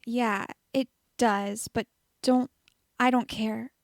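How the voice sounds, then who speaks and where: A woman reading as a strained young man, soft and pleading. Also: a little high, fairly even intonation, slow pace, creaky, no echo, clean studio sound. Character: young man, stubborn and overwhelmed.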